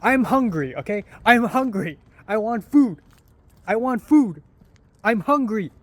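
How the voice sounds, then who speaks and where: A young man pretending to be a belligerent drunk man, yelling and repeating himself on a street at night. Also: high-pitched, a little fast, dry recording, natural voice. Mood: rowdy. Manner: yelling, repetitive, rowdy. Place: empty city street at night.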